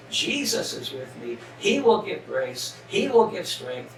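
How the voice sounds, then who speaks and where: A man's voice: sits high, sing-song, a little slow, few pauses. A Canadian man delivering a spoken devotional in an earnest, emphatic way, leaning on repeated phrases. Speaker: devotional speaker. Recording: echoey room, distant mic, faint noise.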